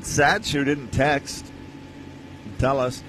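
A man's voice: medium pitch, fairly even intonation, extremely slow, a bit bright, a little hiss or hum. A man co-hosting a radio charity drive, teasing and upbeat in casual banter. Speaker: radio host.

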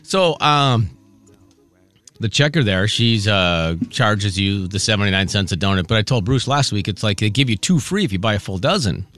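A man hosts a morning radio show from the studio, swinging his pitch widely as he tells a self-mocking story. His banter is casual and he laughs often. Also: animated, moderate pace, fairly bright tone. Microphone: studio microphone.

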